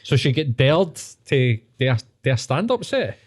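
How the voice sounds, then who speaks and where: A Scottish man co-hosting a podcast, chatting casually and quickly laughing along. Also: medium pitch, big pitch swings. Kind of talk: casual chat.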